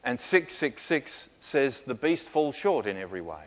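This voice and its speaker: A man answering questions in a sermon, reflective and often pausing with fillers and soft laughs. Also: medium pitch, big pitch swings. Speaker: pastor. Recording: muffled with long hall reverb.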